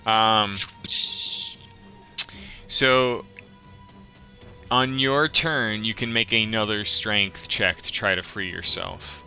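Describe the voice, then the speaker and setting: A man narrating and explaining rules as game master of a tabletop game, with many pauses and fillers. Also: lowish voice, steady tone, vocal fry, pushed and bright, highs cut off, soft background music. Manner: halting, filler-heavy explaining.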